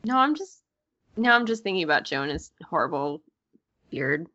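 A woman's voice: on the low side, big pitch swings, moderate pace, sharp tone, dull audio. A woman guesting on a podcast in casual chat, giggly and squeamish.

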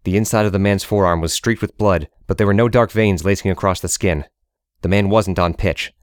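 A man reads a story aloud as an audiobook narrator, steady and measured. His voice sits very low, and the sound is dry and close with no room around it. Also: smooth, dry recording.

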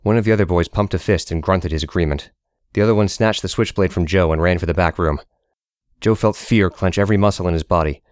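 Low voiced guy reading an audiobook, steady pace, dry close mic. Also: fast, clear, resonant tone, no echo. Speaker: narrator. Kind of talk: audiobook narration.

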